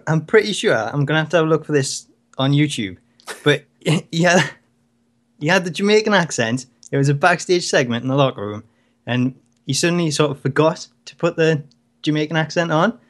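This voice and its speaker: A man co-hosts a wrestling talk show in laid-back conversation. His voice sits a little high for a man, and he is easygoing but hesitant, often stumbling and restarting words as he thinks aloud. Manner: relaxed, hesitant, restarts words while working through a thought. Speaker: co-host. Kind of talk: casual chat.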